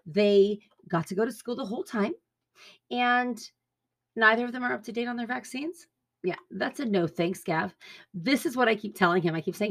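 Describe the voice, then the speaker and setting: A woman's voice: on the high side, normal speed. Woman podcaster, angry rambling rant, heavy swearing. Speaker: podcast host. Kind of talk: political rant monologue.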